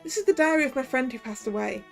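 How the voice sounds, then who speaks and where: A woman's voice: sits high, quick pace, vocal fry, soft background music. A woman voicing an earnest, polite young male lawyer.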